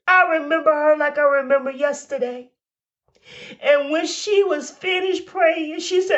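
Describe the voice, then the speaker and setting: Slow, high-voiced woman exhorting. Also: fairly bright tone, muffled recording. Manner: exhorting, repeats "come on now". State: tearful. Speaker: preacher. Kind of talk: devotional exhortation.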